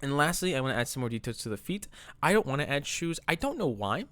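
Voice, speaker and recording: A man's voice: medium pitch, very animated, fast talker, fairly bright tone, no room sound. A man casually talking through his own drawing in a rambling, laid-back, self-deprecating way, a bit out of breath. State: slightly out of breath. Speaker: artist vlogger. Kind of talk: casual commentary over drawing.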